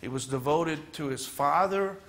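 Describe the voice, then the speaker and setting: Bright-voiced, earnest man preaching a sermon. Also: on the high side, normal speed. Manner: earnest, emphatic, dramatic storytelling. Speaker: guest minister. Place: church sanctuary.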